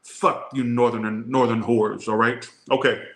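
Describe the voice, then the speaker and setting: A man with a Southern accent reads tarot and rambles through crude, joking asides. His voice is bright and forward. It rings in an echoey room. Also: mid-range voice, little pitch movement, normal speed. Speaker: tarot reader. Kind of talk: casual tarot reading to camera.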